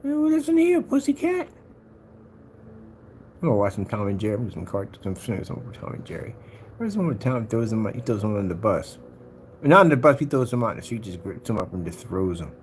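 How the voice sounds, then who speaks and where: A man's voice: lowish voice, lively intonation, fast, slight background noise. Taunting man ranting to his viewers. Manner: taunting, mocking, swings between loud and muttered. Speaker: vlogger. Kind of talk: ranting monologue to camera.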